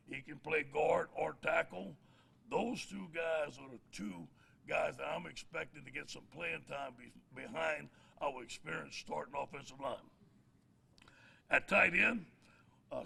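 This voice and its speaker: Gravelly coach, folksy and bright. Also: male voice, a little high. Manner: folksy storyteller, laughs at his own jokes. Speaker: head football coach. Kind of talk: press conference speech.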